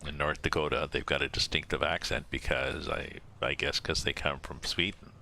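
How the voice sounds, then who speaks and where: A man with an extremely low, yet bright and forceful voice chats on a live game stream. He rambles and thinks aloud between viewer shout-outs, with a faint hiss of noise behind him. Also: fairly even intonation, moderate pace, creaky. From Canada. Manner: rambling, musing aloud, reading out viewer names. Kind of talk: casual live-stream chat while driving a truck sim.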